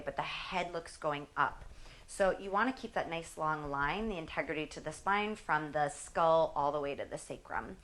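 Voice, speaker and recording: In her forties, this fitness instructor has a low voice that sounds pushed and bright. She chats casually and self-deprecatingly while demonstrating exercises, sometimes straining from the exertion.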